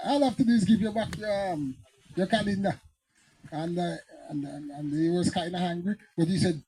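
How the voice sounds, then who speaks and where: A pastor with a Jamaican accent preaches Bible teaching in a mellow, high-sitting voice, telling stories that build into fiery, emphatic outbursts. The recording quality is low.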